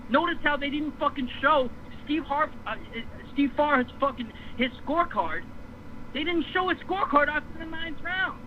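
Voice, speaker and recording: A fired-up man on a talk show, cursing freely and circling back over the same points. His voice sits high for a man and comes through a dull, lo-fi stream with a faint hiss behind it. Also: normal speed. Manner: fired up, profane, repeats himself. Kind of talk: heated boxing rant.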